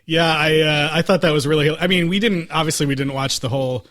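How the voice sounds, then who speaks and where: High-voiced guy cracking up on a movie podcast, bright and super lively. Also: fast. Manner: giggly, expressive, jumps in. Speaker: podcast co-host. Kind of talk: casual movie-review banter.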